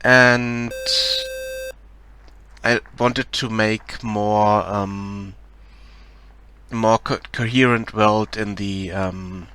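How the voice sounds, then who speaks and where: Slow, halting German-accented man. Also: fairly low pitch, steady tone, pushed and bright, a little hiss or hum. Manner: hesitant, many ums and restarts, laughs shyly. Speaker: game developer streaming live. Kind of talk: casual live-stream commentary.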